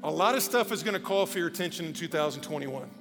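A man preaches in a loose, conversational style full of asides to his congregation. His voice sits high for a man, and it rings with the long reverb of a church hall while soft music plays underneath. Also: expressive, quick pace. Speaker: pastor. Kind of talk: sermon. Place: church auditorium.

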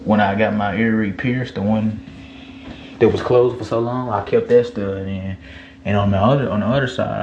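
A man's voice: lowish voice, darkish tone, dull audio, a little hiss or hum. A man in his twenties hosting a podcast, rambling casually with slang and swearing, in an echoey room. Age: 20s. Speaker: podcast host. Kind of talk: casual chat.

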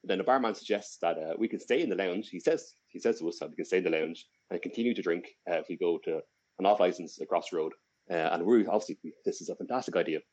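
The speaker is a young Irish podcast co-host with a low, darkish voice who talks fast. He wanders through a long story casually, restarting frequently and filling gaps with fillers.

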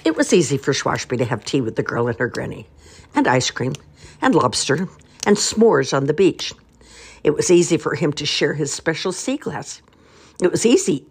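An older grandmother reading picture books aloud in an expressive, playful way. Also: deep voice, husky. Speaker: storyteller grandmother.

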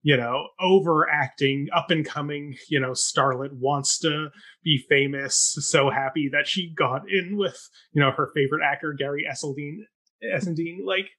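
A man with a slightly high, bright, sharp-edged voice talks through a play review. He is casual and measured, often restarting his sentences. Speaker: theatre reviewer. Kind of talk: casual podcast review chat.

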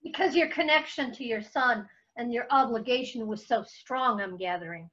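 High-voiced sympathetic woman interviewer. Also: moderate pace, a bit bright, dull audio. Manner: sympathetic, prompting. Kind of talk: interview questions.

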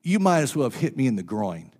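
A male pastor preaching a sermon through a personal story, swinging between loud and hushed and repeating phrases for emphasis. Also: medium pitch, sing-song, fast.

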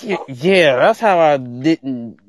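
A man on a podcast call, talking in an excitable, stammering, slangy way. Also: fairly high pitch, takes it slowly, noisy background. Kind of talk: casual call-in chat.

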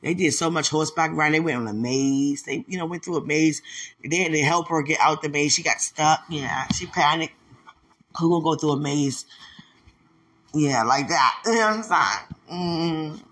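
In poor audio, a woman with a low-pitched, fairly bright voice hosts a podcast at normal speed. Her casual monologue wanders and turns emotional, punctuated by frequent laughter as she speaks to an absent person.

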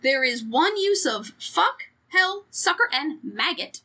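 Bright, high, lively podcast woman. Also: takes it slowly. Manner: frank, profane, joking. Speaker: podcast co-host. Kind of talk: casual chat.

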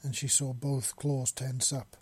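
A man narrating a story in a steady storytelling manner. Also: mid-range voice, unhurried, slightly rough. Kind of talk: audiobook narration of fan fiction.

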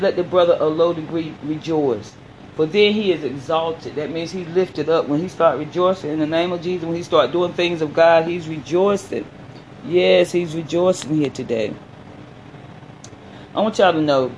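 A man preaching a sermon, reading scripture haltingly and then explaining it in plain, folksy words. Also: fairly high pitch, darkish tone, slight background noise, poor audio.

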